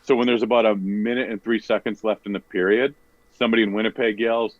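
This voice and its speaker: A comedian on a podcast who rambles, corrects himself and tells stories in casual chat. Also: male voice, lowish voice, level tone, fast. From Canada. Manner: rambling, self-correcting storyteller. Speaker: comedian guest. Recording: dull, dry podcast audio.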